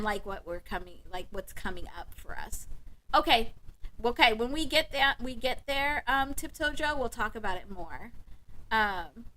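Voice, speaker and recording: A woman's voice: medium pitch, pushed and bright. A woman hosting a livestream, chatting casually with viewers, thanking them by name and laughing often. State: emotional, close to tears. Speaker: livestream host. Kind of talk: casual live chat with viewers.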